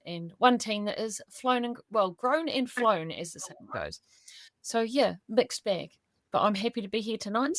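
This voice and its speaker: A woman's voice: a little high, no room sound. A middle-aged woman, a homeschooling mother, talking in a breezy, informal way on a panel. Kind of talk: casual panel discussion.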